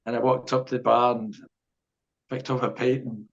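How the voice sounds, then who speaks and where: A middle-aged Scottish man recounts an old story as a podcast guest, rambling and laughing softly between thoughts. His voice stays fairly even in pitch. The audio is a little dull and lo-fi. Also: normal speed, creaky. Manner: rambling storyteller, chuckles often. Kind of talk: casual anecdote telling.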